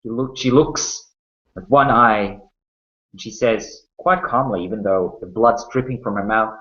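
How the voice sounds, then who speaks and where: Slow, dramatic game-master man. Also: lowish voice, a bit bright. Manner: slow, dramatic storytelling with small restarts. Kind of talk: narrating a tabletop game. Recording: dull, roomy sound.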